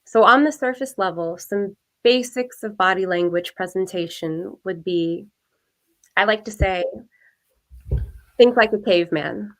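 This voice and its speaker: A woman speaking as a guest coach, giving clear, practical advice in a measured way. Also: mid-range voice. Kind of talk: advice in an interview.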